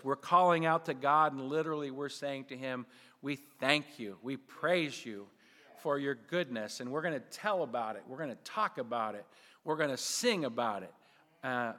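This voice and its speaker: A male pastor preaching a sermon, slowing down and leaning on key phrases for emphasis. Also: mid-range voice, fairly bright tone, big-room sound.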